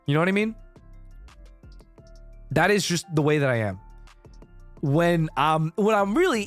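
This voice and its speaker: Laid-back male streamer, casual chat with swearing, animated delivery, faint music bed. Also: a little high, unhurried, long pauses. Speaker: VTuber streamer.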